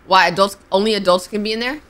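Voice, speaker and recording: A woman's voice: mid-range voice, fast talker, fairly bright tone. A young woman streaming a game, chatting to herself and reading the characters' lines aloud. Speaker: gaming streamer. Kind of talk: playthrough commentary with read-aloud dialogue.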